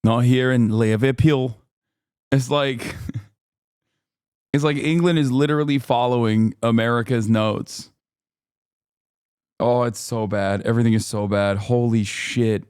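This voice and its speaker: A man's voice: medium pitch, fairly even intonation, measured pace, long pauses, a little mellow, smooth, no echo. A man streaming casual reaction commentary, sarcastic and exasperated, swearing freely into a close mic. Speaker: streamer host.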